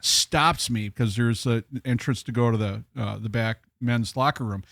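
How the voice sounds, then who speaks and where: A man's voice: mid-range voice, normal speed, vocal fry, a bit bright, no echo. A middle-aged man chatting casually on a podcast, animatedly telling a funny story and laughing as he talks.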